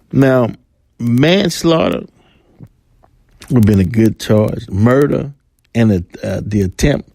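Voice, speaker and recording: A man hosts a podcast alone, ranting in a heated, profane commentary. His voice is mellow and dark, recorded dry and close with no room sound. He often acts out the people he talks about. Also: fairly low pitch, dry recording. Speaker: podcast host. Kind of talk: angry commentary monologue.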